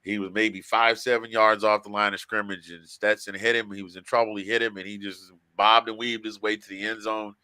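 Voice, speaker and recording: A man's voice: fairly low pitch, brisk, hardly any pauses, clear, resonant tone, no echo. A man hosting a sports podcast, telling stories with a lot of feeling and animation in casual talk. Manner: emotional, animated storyteller. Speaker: podcast host.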